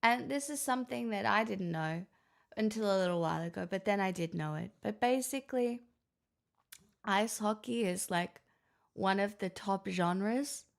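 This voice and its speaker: A woman's voice: medium pitch, normal speed, creaky. A woman live streamer who is sick, chatting casually and rambling with self-deprecating asides.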